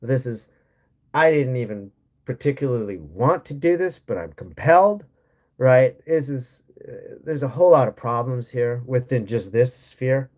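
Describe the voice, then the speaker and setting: Unhurried and a little mellow, a medium-pitched American man with lively intonation hosts a livestream, bluntly ranting with lots of profanity and sarcasm while going through chat and answering it.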